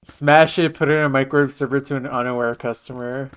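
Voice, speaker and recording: A man's voice: mid-range voice, fairly even intonation, brisk, a bit bright, smooth. A man streaming a game live, joking casually with his viewers. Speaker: livestreamer. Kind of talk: casual gaming livestream chat.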